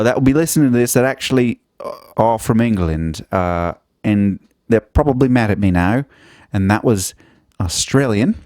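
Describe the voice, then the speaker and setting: A man's voice: mid-range voice, darkish tone, dry recording, studio quality. A young man hosting a solo podcast, rambling and swearing constantly, mocking himself as he jumps between topics. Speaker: podcast host.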